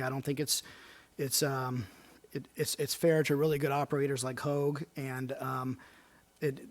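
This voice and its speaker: A man on a city council giving earnest remarks at a public meeting, halting and restarting as he argues. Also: medium pitch.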